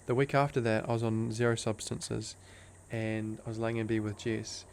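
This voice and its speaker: Low gravelly man, laid-back. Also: steady tone, normal speed, slight background noise. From Australia. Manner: laid-back slang, calls the host bro; earnest and emotional, drifts into soft hushed tones. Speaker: guest, breathwork teacher. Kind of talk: casual personal storytelling.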